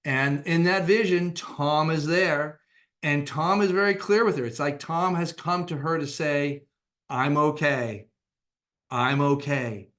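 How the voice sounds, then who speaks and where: A man who is a psychotherapist gives an educational talk in a measured, explanatory way, often pausing with "uh". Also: on the high side, fairly bright tone. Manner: measured and explanatory, with frequent "uh" fillers. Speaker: psychotherapist presenting on a webinar.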